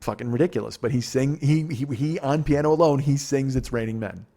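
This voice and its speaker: A man's voice: medium pitch, brisk. A man hosting a podcast, telling a long show-business story in a casual, profane, rambling way, often quoting people as he goes. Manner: profane, rambling, animated retelling with quoted voices. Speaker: podcast host.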